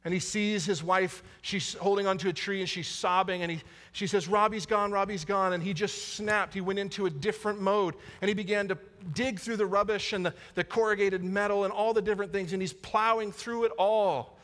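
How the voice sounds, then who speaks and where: Brisk and barely pausing, a pastor with a high, fairly bright voice preaches in a steady tone. He speaks earnestly, repeating important lines, while the church hall adds long reverb.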